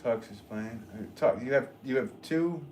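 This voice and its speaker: A man, a potter, chatting casually on a livestream and reading out viewer comments, relaxed and joking, with frequent chuckles. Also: mid-range voice, normal speed, a little hiss or hum. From northwest Connecticut. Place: pottery studio.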